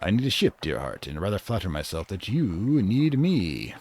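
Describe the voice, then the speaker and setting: A man's voice: low-pitched, huge pitch swings, moderate pace, a little hiss or hum, full character voice. A man voicing a refined, sociopathic female seamstress who speaks in a haughty, mannered way. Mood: menacing.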